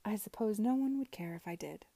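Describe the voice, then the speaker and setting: A woman's voice: mid-range voice, animated, brisk, gravelly, dark tone, no room sound. Woman reading as a sulky young heiress. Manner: blunt and bitter.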